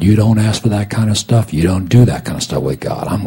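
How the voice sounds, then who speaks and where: A middle-aged man preaching a sermon as a story. He tells it dramatically, swinging from loud lines to hushed whispers. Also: fairly low pitch, animated, normal speed. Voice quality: gravelly, raspy.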